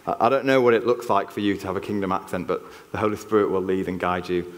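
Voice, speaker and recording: Yorkshire man, preacher, somewhat low voice, earnest conversational sermon, reverberant hall. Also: fairly even intonation, quick pace. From Yorkshire, England. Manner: earnest, conversational, frequent restarts. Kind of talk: church sermon. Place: church hall. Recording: long reverb of a church hall.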